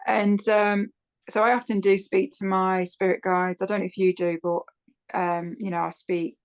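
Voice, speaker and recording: A middle-aged woman, chatty and animated, telling a personal story as a podcast guest. Her pitch sits in the middle of the female range, and she rushes and slows as the story builds. She is heard over a video call. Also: smooth. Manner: chatty, animated when quoting others. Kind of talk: casual storytelling interview.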